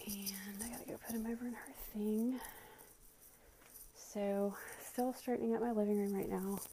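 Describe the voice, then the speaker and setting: Breathless woman with a gravelly mellow voice. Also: medium pitch, fairly even intonation, normal speed, a little hiss or hum. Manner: rambling, with many fillers and sighs. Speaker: vlogger. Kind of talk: casual chat while cleaning. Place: home living room.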